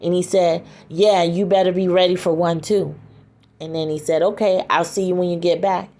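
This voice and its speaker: A woman with a slightly low voice recounting a tense story aloud. She rattles off the quoted exchanges quickly, stringing them together with "and he said" and the odd "um" as she goes. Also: fairly even intonation, mellow. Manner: quick, chains quoted dialogue with "and he said". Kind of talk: retelling a story scene by scene.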